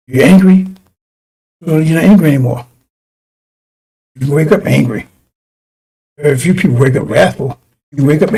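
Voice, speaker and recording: A man delivers a broadcast sermon with a gravelly, husky voice that sits a little high for a man. He preaches in a fiery, rambling way, circling back and restarting phrases as he goes. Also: mellow.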